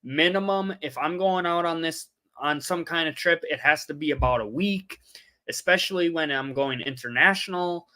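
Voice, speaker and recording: A man's voice: on the high side, moderate pace, pushed and bright. A young man hosting a casual livestream, chatting loosely to viewers and often losing his train of thought. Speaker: livestream host. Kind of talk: casual live-stream chat.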